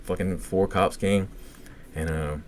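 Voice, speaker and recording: A man's voice: deep voice, slow, slight background noise. Profane Cajun man telling a story. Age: middle-aged. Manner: profane, animated storyteller acting out quotes. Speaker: podcast co-host. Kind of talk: casual storytelling chat.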